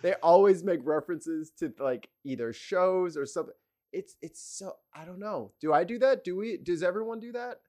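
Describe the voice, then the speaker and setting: A man's voice: sits high, normal speed, mellow. A man co-hosting a podcast in casual chat, joking and teasing his friends. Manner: joking, teasing, mock-paranoid. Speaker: podcast co-host.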